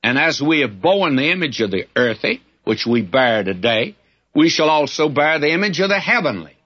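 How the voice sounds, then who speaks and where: A man teaching through a Bible passage in sermon style, folksy and emphatic, with lively storytelling asides. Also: on the high side, normal speed, breathy edge, highs cut off.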